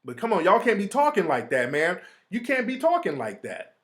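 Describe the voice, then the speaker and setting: A man hosts his own show in a casual, streetwise monologue, his fairly high voice rising and falling with lively swings. He slips into quick impressions of other people as he talks. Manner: animated, streetwise slang, mimics others. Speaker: host.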